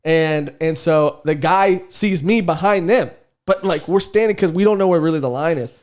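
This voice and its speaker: A man's voice: a little high, normal speed, a little mellow. A young man telling a comedic story on a podcast, rambling, swearing and laughing often, saying "dude" a lot. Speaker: podcast co-host. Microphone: studio podcast mic.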